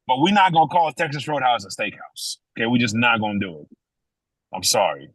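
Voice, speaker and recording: Playful, emphatic male podcast co-host, mid pitch, dry close sound. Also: animated, fairly quick, a bit bright, slightly rough, dry recording, rough recording. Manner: emphatic and playful, repeats words for effect. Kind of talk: casual sports chat.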